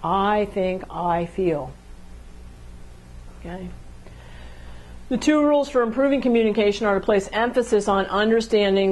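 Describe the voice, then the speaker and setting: A woman's voice: medium pitch, normal speed, long pauses, darkish tone, slight background noise. A woman instructor giving a classroom lecture on communication, repeating key phrases and checking in with her listeners. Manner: acts out couples' dialogue to illustrate.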